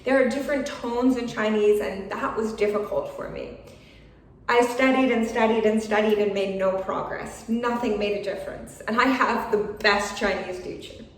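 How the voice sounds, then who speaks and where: A woman's voice: medium pitch, steady tone, normal speed. A woman teaching an English video lesson, talking frankly and encouragingly with little laughs. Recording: echoey room, voice from a distance.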